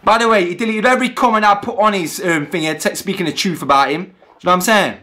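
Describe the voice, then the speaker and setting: Brief: male vlogger, quick and high-pitched, crude, repetitive angry ranting. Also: bright, forceful tone. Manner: profane, repetitive, keeps asking "do you know what I mean". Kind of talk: angry rant over video clips.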